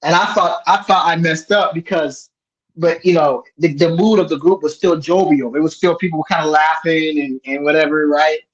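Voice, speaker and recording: Man, fairly high voice, rambling and animated storyteller, dull lo-fi sound. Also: normal speed. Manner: rambling, animated, many restarts. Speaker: host. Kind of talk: casual storytelling chat.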